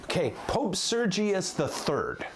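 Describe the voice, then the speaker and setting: A man's voice: high voice, wildly swooping pitch, slow, background noise. A man, a priest, giving a livestreamed teaching in a chatty, joking, digressive way. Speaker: priest teaching church history.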